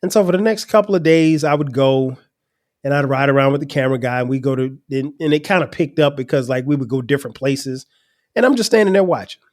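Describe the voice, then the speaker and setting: A man, telling a personal story on his podcast in a relaxed way and chuckling at his younger self. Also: medium pitch, fast talker. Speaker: podcast host.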